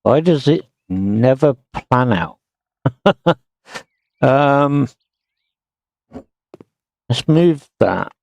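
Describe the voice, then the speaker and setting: A man talks his way through a building game at an unhurried crawl, half to himself. His voice has a gravelly edge. The room is dry, with no echo. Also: mid-range voice, animated, darkish tone, lo-fi sound. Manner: slow, muttering to himself while working. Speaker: streamer. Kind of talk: casual gameplay commentary.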